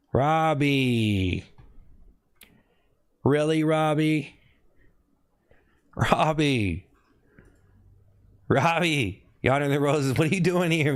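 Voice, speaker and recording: A young man hosting a casual livestream, teasing viewers by name and repeating his jokes. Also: a little high. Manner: teasing, repeats himself, calls out chat names. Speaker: livestream host.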